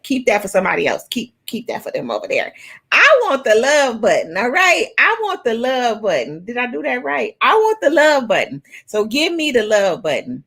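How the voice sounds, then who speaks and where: A woman with a New York accent hosting her own talk show livestream, animated and playful as she calls out to viewers. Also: mid-range voice.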